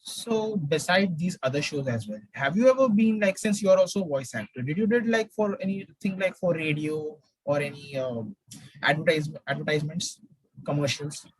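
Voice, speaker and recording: A man interviews a guest, asking his questions hesitantly and rephrasing them as he goes. His voice is high and husky, and the sound is very dry with no room echo. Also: animated, moderate pace.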